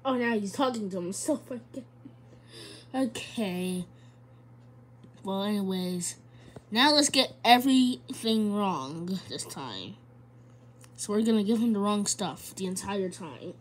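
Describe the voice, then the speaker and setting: A woman's voice: medium pitch, expressive, slow pace, pauses often, a little hiss or hum. A woman giving casual, chatty let's-play commentary, giggling and talking back to a game character. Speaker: gamer.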